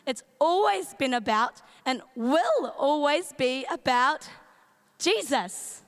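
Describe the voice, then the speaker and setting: Woman youth leader, New Zealand accent, strained voice, high and unhurried, big-hall reverb. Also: lively intonation. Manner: playful, chatty, greets in Māori. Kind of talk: youth camp talk. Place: large events centre stage.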